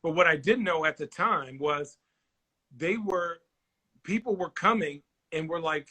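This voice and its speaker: A man's voice: on the high side, a little slow. A man in his forties, a former basketball player, telling stories in a casual interview and acting out the people he quotes. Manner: animated storyteller, acts out quoted voices.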